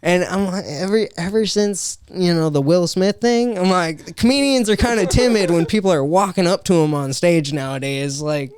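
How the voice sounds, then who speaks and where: A man's voice: high voice, normal speed, few pauses, a little mellow. A young adult man telling a story in casual podcast chat, swearing often and full of fillers. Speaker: podcast co-host and stand-up comedian.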